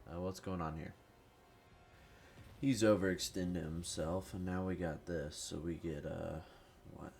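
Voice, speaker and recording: A man's voice: low voice, steady tone, unhurried, creaky, pauses often, darkish tone, a little hiss or hum. A man who is sick, giving rambling, profane, casual commentary over strategy gameplay. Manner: rambling, profane, self-deprecating. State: sick with a cold. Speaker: gaming youtuber.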